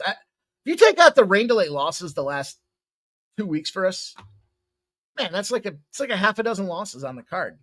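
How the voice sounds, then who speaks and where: Animated man talking betting picks. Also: high voice, moderate pace, pauses often. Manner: rambling, joking, swears casually. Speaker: sports betting host. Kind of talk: casual betting picks talk.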